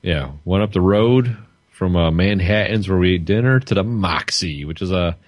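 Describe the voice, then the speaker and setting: A man's voice: sits low, normal speed, dry recording. A man co-hosting a podcast in casual chat, telling crude stories. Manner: crude, storytelling banter. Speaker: podcast co-host.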